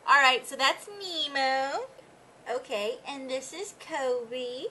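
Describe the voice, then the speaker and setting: A woman's voice: high voice, lively intonation, unhurried, background noise. A young woman chatting casually about her pets, reading out tag questions and slipping into baby talk with her dogs. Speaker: pet vlogger.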